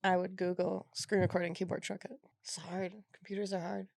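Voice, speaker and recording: A comedian woman guesting on a podcast, trading dry, deadpan jokes in casual chat. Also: on the low side, brisk, gravelly, dry recording. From Canada.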